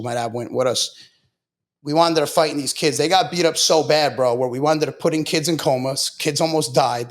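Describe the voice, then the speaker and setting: A man from Long Island tells his story as a podcast guest, with blunt, profane candor. His voice is gravelly with a rough fry and sits at an ordinary pitch for a man. He speaks casually and drops "bro" into his sentences again and again. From Long Island, New York.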